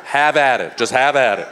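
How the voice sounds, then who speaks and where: A man preaching a sermon, animated, calling out to his congregation and repeating phrases for emphasis. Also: medium pitch, noisy background. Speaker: pastor.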